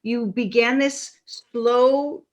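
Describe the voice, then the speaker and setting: A woman's voice: a little high, steady tone, extremely slow. Chatty woman hosting an interview. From upstate New York. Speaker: podcast host. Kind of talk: interview with read-out passages.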